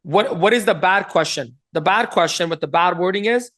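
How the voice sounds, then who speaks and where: Speaking at a moderate pace in a high, somewhat bright voice, a man teaches sales communication straight to the camera. He talks to viewers directly, performing example questions so they can hear the right tone.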